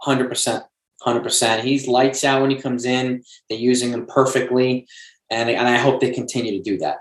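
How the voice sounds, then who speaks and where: A man chats on a sports podcast in a relaxed, agreeable way, his voice at an ordinary middle pitch. The sound carries a noticeable room echo, as if recorded in a bare space. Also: moderate pace. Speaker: podcast guest. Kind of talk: casual sports podcast chat. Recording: echoey room.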